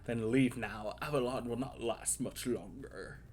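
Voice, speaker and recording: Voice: medium pitch, a little slow, a little mellow, voice pushed down, close to an everyday voice. A streamer reading a grand male mutant villain's cutscene lines with a solemn, commanding delivery. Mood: imperious.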